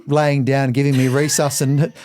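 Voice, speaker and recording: A middle-aged Australian man, a podcast guest, telling candid personal stories in an animated way. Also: mid-range voice, moderate pace. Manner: animated, acts out quoted voices. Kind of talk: candid storytelling.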